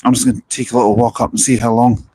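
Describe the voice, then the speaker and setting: The audio is poor, with slight background noise, as a man with a dark-toned, mid-range voice talks very fast and flatly. He's running a casual outdoor live vlog at a bus station, chatting earnestly into a handheld wireless mic with plenty of restarts.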